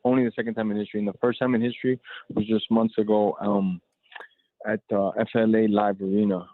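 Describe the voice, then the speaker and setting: A low-voiced man speaks in a flat, even tone, loose and candid with many fillers. He comes through a tinny, phone-like call line. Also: fast talker, dry recording. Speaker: guest, fight promoter. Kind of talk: casual phone interview.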